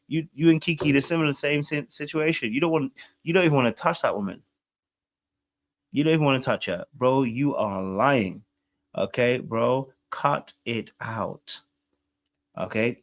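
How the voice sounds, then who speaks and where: This is a man, co-hosting a casual podcast about a reality show. He talks bluntly and emphatically, hammering the same point more than once. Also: medium pitch. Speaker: podcast co-host.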